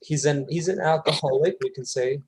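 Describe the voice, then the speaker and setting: A man's voice: a little high, brisk, a little mellow, a little hiss or hum. A man leading a casual book discussion, often checking in with tag questions like "right?".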